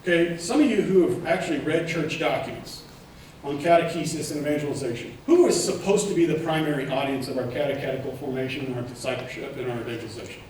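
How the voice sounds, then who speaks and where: A man giving a keynote conference talk, animated, putting questions to the audience. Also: fairly high pitch, fast, a little hiss or hum. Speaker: keynote speaker. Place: large conference hall. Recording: echoey hall from far off.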